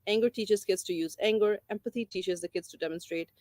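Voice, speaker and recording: A woman's voice: mid-range voice, brisk, a little mellow, no echo. A woman giving an informal talk on parenting, explaining a book's ideas and repeating key phrases for emphasis. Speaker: parenting educator.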